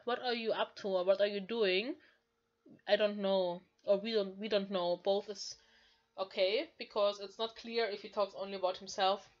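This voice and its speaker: A woman's voice: medium pitch, steady tone, highs cut off. A woman, carefully explaining Japanese lines from a manga as a language learner, often saying "like". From Germany. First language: German. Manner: slow, careful explaining with frequent "like".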